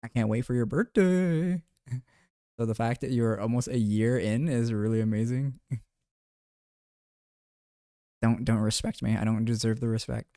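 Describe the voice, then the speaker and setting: A man's voice: medium pitch, normal speed, mellow, dry recording. Chatty young man streaming, dry sound. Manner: loose and chatty, swears, laughs often. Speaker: live streamer. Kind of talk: casual live-stream chat with viewers while gaming.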